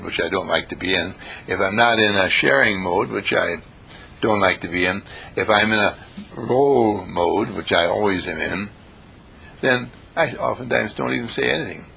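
A man giving a rambling, anecdotal spiritual talk who swings his pitch up and down for emphasis. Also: gravelly, sharp tone, a little hiss or hum. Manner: storytelling, swings pitch for emphasis, laughs at himself.

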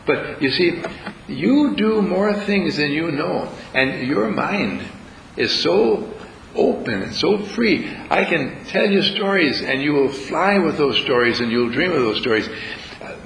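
A man's voice: a little high, animated, measured pace, gravelly, fairly bright tone, slight background noise. Man, retreat speaker, playful and teasing, talks to a live room, echoey hall sound, faint room ambience. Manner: playful, teasing, acts out little scenes with voices. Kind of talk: live talk to a room audience. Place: meeting room with an audience.

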